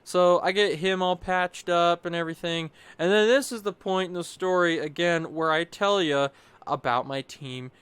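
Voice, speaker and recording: A man's voice: high-pitched, moderate pace, clean tone, no echo. A young man talking casually over his gameplay footage, rambling and restarting his sentences as he recounts a battle. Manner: rambling, restarts often, chatty and animated. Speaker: gameplay commentator.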